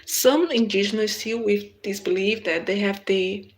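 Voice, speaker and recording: A woman with a Brazilian Portuguese accent hosts a relaxed live chat. Her voice is gravelly with vocal fry. She speaks unhurried, non-native English, restarting phrases as she answers viewer comments. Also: mid-range voice. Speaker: live stream host.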